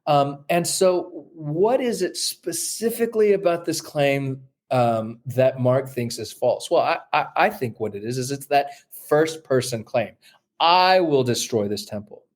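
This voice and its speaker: Man, scholar explaining, mid-pitched voice, halting, lots of ums and restarts, animated asides. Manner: thoughtful, halting, many fillers and restarts. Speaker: New Testament scholar, guest. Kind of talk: explaining in an interview.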